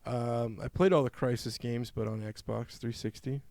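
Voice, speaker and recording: A young man in a relaxed gaming podcast chat, mid-pitched and recorded dry and close. He reads headlines with playful, hammy emphasis and drifts into offhand banter. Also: moderate pace, creaky, dry recording. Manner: reads news aloud, then jokes around in an infomercial tone. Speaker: podcast co-host.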